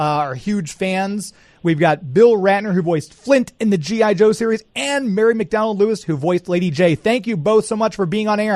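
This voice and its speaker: A man's voice: sits high, a little mellow, no room sound. A man hosting a radio interview, eager and enthusiastic, with many "uh"s as he introduces and questions his guests. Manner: eager, enthusiastic, filler-heavy. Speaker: radio host.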